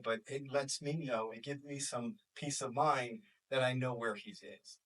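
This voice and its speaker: Far from the microphone, a fortysomething New Yorker with a strong New York accent talks to a small group in a mid-range voice at a moderate pace. He works as a school counselor and life coach and lively acts out the voices of people he quotes.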